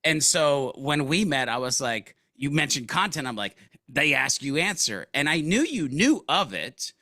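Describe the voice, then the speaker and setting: A man speaks as an interview guest, his voice bright and forward. He tells stories in a casual, slangy way and acts out other people's lines. The sound is dry and close, with no room echo. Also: on the high side, measured pace. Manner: animated storyteller, casual slang, acts out quotes. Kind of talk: conversational business interview.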